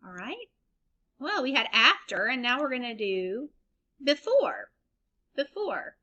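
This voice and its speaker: Female elementary teacher, recorded lesson for little kids; slow, deliberate, clear spelling-out. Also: fairly high pitch, very animated, sharp tone, muffled recording. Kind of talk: remote phonics lesson for young children.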